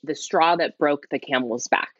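A woman guest speaking quietly as she tells a candid personal story, rambling with lots of "like" and restarts. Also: sits low, normal speed, no echo, lo-fi sound. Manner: rambling, heavy use of "like", restarts. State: speaking quietly, half-whispering. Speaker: interview guest.

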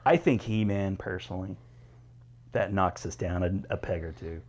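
A man co-hosting a movie podcast in loose, joking chat. His voice sits a bit low, and he laughs often and lets sentences trail off before starting over. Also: moderate pace, a little mellow. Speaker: podcast co-host. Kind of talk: casual banter.

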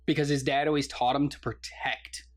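Excitable man retelling movie scenes. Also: mid-range voice, normal speed. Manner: enthusiastic, laughs often, acts out movie lines. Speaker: podcast co-host. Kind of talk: casual movie review chat.

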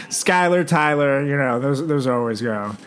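Joking young man on a podcast. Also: on the high side. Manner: crude, joking, acts out voices loudly. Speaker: podcast co-host. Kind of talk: casual podcast chat.

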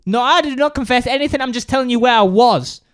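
A man putting on a brash high-voiced suspect. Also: fast, fairly bright tone, smooth. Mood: defiant. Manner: brash, defiant, keeps saying "hey". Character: cocky homeless male suspect who insists the moon is fake. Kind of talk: improvised interrogation role-play.

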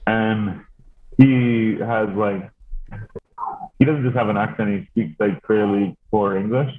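A man's voice: fairly low pitch, steady tone, slow pace. A man chatting casually, telling rambling stories full of fillers and swearing. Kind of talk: casual chat. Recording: tinny phone-like line.

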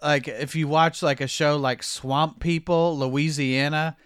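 A man's voice: a little high, steady tone, measured pace, smooth, no room sound, studio quality. A man from the United States co-hosting a film podcast, talking in a rambling, hesitant casual way. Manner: rambling, hesitant restarts, laughs easily. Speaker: podcast co-host. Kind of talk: casual chat.

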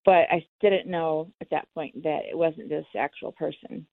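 A woman recounts her own experience in an interview, candid and quick to act out both sides of a conversation. Her voice sits low and gravelly. It comes through a tinny, dry phone line. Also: fairly even intonation, no echo. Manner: candid, acts out the dialogue. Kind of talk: personal storytelling.

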